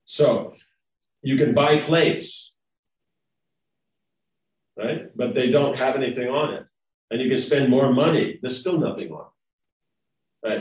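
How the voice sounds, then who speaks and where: A man's voice: mid-range voice, unhurried, pauses often, a little mellow. A man giving a devotional class lecture in a rambling, conversational way, often checking in with his listeners. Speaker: spiritual lecturer. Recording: roomy, distant mic.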